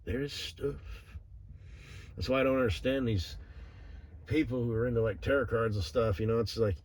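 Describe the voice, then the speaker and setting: A man's voice: medium pitch, steady tone, moderate pace, darkish tone. A man vlogging in a casual, rambling monologue, cursing freely and padding his talk with "you know" and sighs. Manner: meandering, profane, full of "you know" fillers and sighs.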